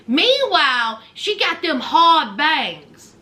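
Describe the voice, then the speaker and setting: A woman's voice: very high voice, very animated, slow, bright, forceful tone, a little hiss or hum. A woman recapping a reality show in casual chat, sassy and teasing, calling her viewers honey and child.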